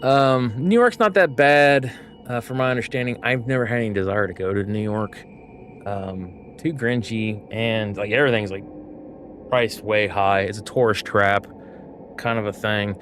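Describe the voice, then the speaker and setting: A man's voice: on the low side, moderate pace, fairly bright tone, slight background noise. A man from the United States, a gaming streamer, chatting casually and rambling with lots of fillers while he plays. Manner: rambling, filler-heavy, easygoing.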